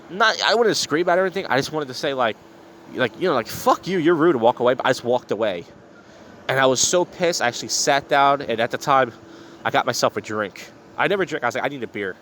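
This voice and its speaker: A man's voice: mid-range voice, a bit bright. A tipsy, slightly slurring man hosting a podcast outdoors, telling stories in a blunt, profane, bitter way. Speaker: podcast host. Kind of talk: casual storytelling monologue. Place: outdoors on a street. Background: faint street and traffic noise.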